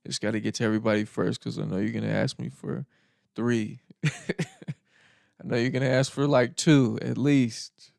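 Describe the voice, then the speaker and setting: A man's voice: mid-range voice, fairly even intonation, unhurried, creaky, pauses often, a little mellow, dry recording, clean studio sound. A man hosting a podcast, telling stories in a laid-back, rambling way, laughing often. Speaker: podcast host. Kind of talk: casual storytelling monologue.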